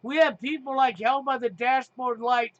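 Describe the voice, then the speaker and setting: A middle-aged man hosts a heated talk show in a very high voice. He talks emphatically, with sarcasm and frequent swearing. The sound is dry, with no room echo. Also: fairly even intonation, normal speed, a bit bright, lo-fi sound. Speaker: podcast host.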